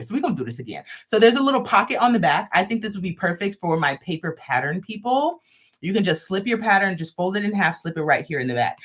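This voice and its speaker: A woman hosts a live crochet stream and talks through a product demo in a casual, chatty way. Her voice swoops up and down with lots of lively pitch movement. She drops playful, sassy asides as she goes. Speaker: host of a crochet livestream.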